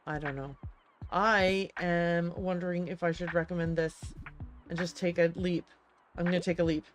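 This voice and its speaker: A woman's voice: lowish voice, fairly even intonation, moderate pace, soft background music. A woman streamer playing a game, chatty and hesitant as she thinks aloud and reads game text. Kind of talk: let's-play commentary and reading game text.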